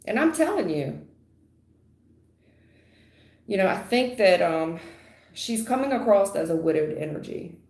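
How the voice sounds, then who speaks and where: A woman's voice: medium pitch, sing-song, unhurried, pauses often, darkish tone. A woman giving a live tarot reading in a blunt, emphatic, slangy way, repeating her points. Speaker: tarot reader. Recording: roomy echo.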